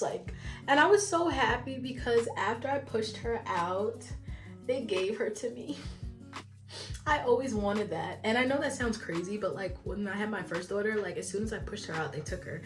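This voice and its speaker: A woman's voice: medium pitch, normal speed. A young woman vlogger telling a story casually and animatedly, with many fillers. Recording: echoey room, distant from mic, faint music.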